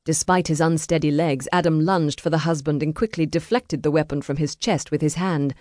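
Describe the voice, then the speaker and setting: A woman narrating a historical romance audiobook in a measured, even storytelling voice. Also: sits low, no echo, studio quality.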